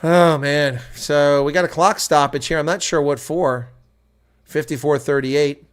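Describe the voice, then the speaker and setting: An American man giving live reaction play-by-play commentary, chatty with viewers and breaking into loud shouts at big plays. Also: a little high, steady tone, a little slow, smooth. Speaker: host.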